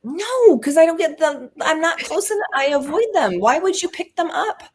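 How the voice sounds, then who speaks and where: A woman co-host with a notably high voice chats casually. She reacts eagerly, with gasps and exclamations, as her partner talks. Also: very animated, moderate pace. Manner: reactive, gasping and exclaiming at the story. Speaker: podcast co-host. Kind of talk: casual chat.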